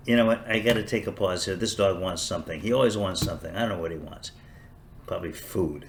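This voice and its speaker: A man's voice: low voice, fairly quick, fairly bright tone, slight background noise. An older man hosting a podcast, talking in a sarcastic, rambling, self-mocking way in a casual comedic monologue. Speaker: podcast host.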